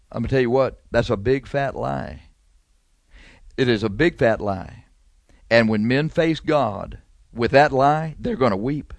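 A man delivers a fervent radio sermon in a middle-range voice. He hammers points through repetition and lets his voice surge high and loud. The sound is dry and close. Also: no echo. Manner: fervent, repetitive preaching with sudden rises in pitch and volume. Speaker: radio preacher.

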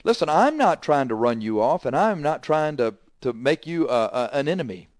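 Forceful preacher man, dry sound. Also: on the high side, big pitch swings, normal speed, no echo. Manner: forceful, scolding, swings from loud emphasis to quiet asides. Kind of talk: sermon.

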